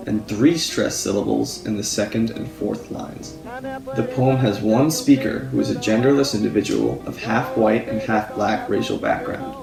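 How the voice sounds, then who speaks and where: A man's voice: fairly low pitch, creaky. A man presenting an analysis of a poem to a class, reading explanations from his notes. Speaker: student presenter. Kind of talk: read school presentation. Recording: echoey room with guitar behind.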